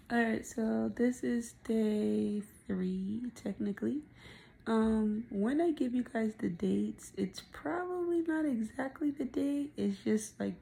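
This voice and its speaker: A woman's voice: medium pitch, gravelly, mellow. Breathless pregnant woman in her thirties, candid diary. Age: 30s. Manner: candid, rambling, frequent ums. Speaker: vlogger. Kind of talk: video diary chat. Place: parked car, then at home.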